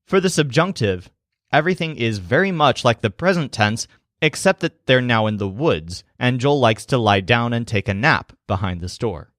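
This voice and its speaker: A man narrating a language lesson in a clear, explanatory way. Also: medium pitch, lively intonation, moderate pace, a bit bright, no echo, clean studio sound. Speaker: language teacher.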